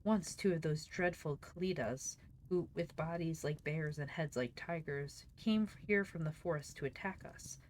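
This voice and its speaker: Boastful old wizard in a storybook reading, a woman reading him, low and steady. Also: moderate pace, slight background noise, lightly acted. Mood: proud. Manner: boastful, explaining. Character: proud old male magician, inventor.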